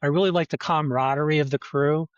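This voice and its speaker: Halting man on dull lo-fi audio. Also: a little high, fairly even intonation, no echo. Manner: halting, many restarts and fillers. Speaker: filmmaker guest. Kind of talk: casual conversation.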